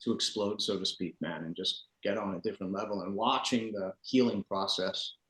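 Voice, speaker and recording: A man's voice: lowish voice, steady tone, normal speed, fairly bright tone. A man, a dog trainer, telling a story as a podcast guest in an earnest, rambling way, with many restarts and "man" fillers. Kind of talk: casual storytelling. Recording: roomy echo.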